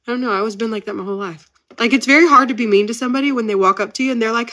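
A podcast host and business owner in her 30s talks fast in a fairly high, pushed, bright voice. The conversation is casual, and she's upbeat and chatty throughout.

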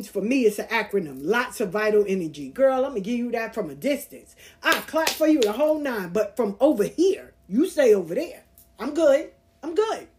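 A woman in her forties hosting a casual monologue, speaking bluntly and candidly as she tells personal stories. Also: fairly high pitch. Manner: candid, blunt, animated storytelling with profanity. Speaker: podcast host.

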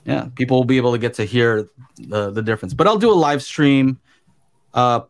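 A man with a middling voice co-hosting a podcast. He explains things in an easygoing, measured way during casual chat. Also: mid-range voice.

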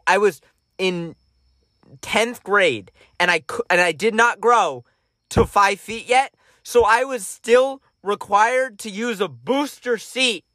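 Man, high bright voice, dry close sound, casual podcast storytelling, animated. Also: no echo. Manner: animated storyteller, jumps to high voices quoting his mother, laughs often. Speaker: podcast co-host.

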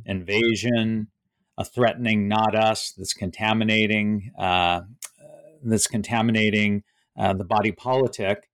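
A male author reading from his book and then reflecting on it, hesitant and full of fillers. His voice is fairly low, and the sound is close and dry with no room behind it. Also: dry recording.

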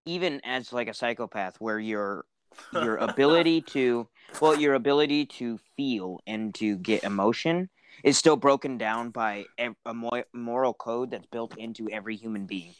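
A man's voice: medium pitch, normal speed, a little hiss or hum, rough recording. A man co-hosting a podcast, chatting casually and joking in long run-on thoughts. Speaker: podcast co-host. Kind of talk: casual chat.

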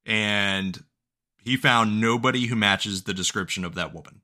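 Profane, bright-voiced podcast host. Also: male voice, lowish voice, normal speed. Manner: profane, joking, laughs often. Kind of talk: casual chat recapping a video game.

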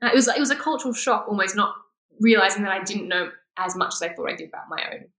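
A woman's voice: medium pitch, animated, fast, fairly bright tone, echoey room. A woman, a guest talking candidly in a casual interview and laughing often. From Australia. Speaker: guest, former pageant winner.

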